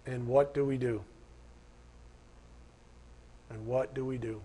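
A man's voice: mid-range voice, measured pace, long pauses, warm tone, breathy edge. A man preaching a sermon in a conversational, emphatic way, acting out imagined voices of his listeners.

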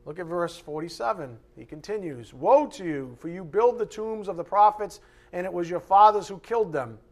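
A man preaching an expository sermon, animated, mocking the voices of his opponents and shouting for emphasis. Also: sits high, normal speed.

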